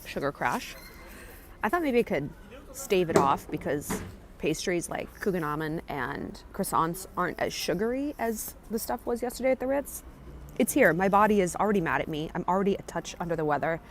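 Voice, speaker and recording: A woman talking to camera in a casual travel vlog, chatty, excitable and jokey, recorded outdoors on a handheld camera. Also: lowish voice, normal speed, a little hiss or hum. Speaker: travel vlogger. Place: outdoors on a café patio and in city streets.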